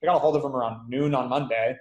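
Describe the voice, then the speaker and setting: A man, a company founder, being interviewed and telling stories in a lively way, acting out quoted dialogue. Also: medium pitch, echoey room, dull audio. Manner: fast, animated, acts out quoted dialogue. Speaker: guest, company founder and CEO. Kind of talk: conversational interview storytelling.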